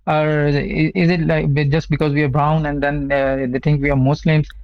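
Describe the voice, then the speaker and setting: A young man from Asia, not an English speaker, calling in to a radio show and telling what happened to him in a halting way, with many repeated words and fillers. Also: fairly high pitch, level tone, gravelly. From South Asia. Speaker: caller. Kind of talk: phone-in radio call, personal account. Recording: dull muffled line.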